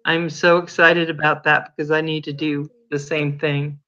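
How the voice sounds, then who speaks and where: A woman's voice: low voice, level tone, normal speed, sharp tone, muffled recording. A woman hosting a casual livestream, chatting with viewers by name and telling stories. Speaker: livestream host.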